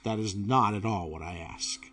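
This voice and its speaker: A man voicing an earnest female colony mayor who pleads and persuades in a measured way. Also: fairly low pitch, a bit bright, faint music behind, pitched below the performer's own voice. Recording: voice from away from the mic.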